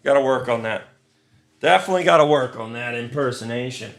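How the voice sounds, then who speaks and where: A man's voice: medium pitch, a little fast, creaky. A man hosting a live card break, reading out pulls with crude, joking banter. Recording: roomy with faint noise.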